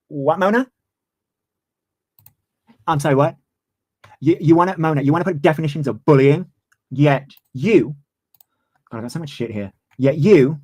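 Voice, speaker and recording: A man's voice: fairly high pitch, a little mellow, no room sound. A man in his twenties, ranting heatedly on a livestream and swearing freely. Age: 20s. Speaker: streamer. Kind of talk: livestream commentary.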